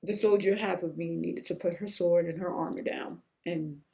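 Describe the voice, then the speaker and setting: A woman hosting her own podcast, telling a personal story in an earnest, emotional way that sometimes rises almost to a shout. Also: fairly even intonation, normal speed, gravelly. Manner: emotional, earnest, rising to near-shouts at high points; breaks off to hush a pet in a low, quiet voice. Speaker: podcast host.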